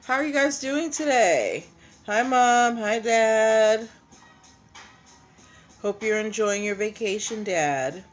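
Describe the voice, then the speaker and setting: Slow-talking woman hosting a casual livestream. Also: on the high side, animated, soft background music. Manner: chatty, greets viewers by name. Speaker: livestream host.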